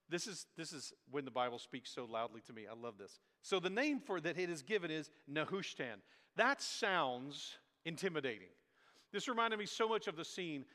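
Bright, animated preacher in an echoey hall. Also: male voice, fairly high pitch, fairly quick. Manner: animated, emphatic, repeats himself, acts out quotes. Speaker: pastor. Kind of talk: sermon. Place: church sanctuary. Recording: long echoey hall reverb.

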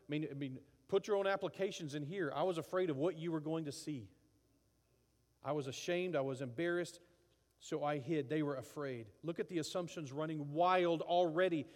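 A man preaching a sermon in an animated way, acting out quoted voices as he goes. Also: fairly high pitch, long reverb tail. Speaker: pastor.

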